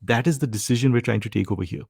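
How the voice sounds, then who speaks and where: A man's voice: mid-range voice, racing, gravelly, a little mellow, husky, dry recording, clean studio sound. A man teaching a live online grammar lesson, often stopping to ask whether his students are following. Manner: frequent comprehension checks, asks "right?" often. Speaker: test-prep instructor.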